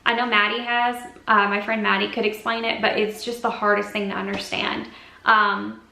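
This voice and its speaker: A woman's voice: medium pitch, flat delivery, moderate pace, vocal fry, bright, forceful tone, slight background noise. A woman vlogger giving an earnest, rambling, confessional update to her camera's built-in mic indoors. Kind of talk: personal health update to camera. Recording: echoey room sound.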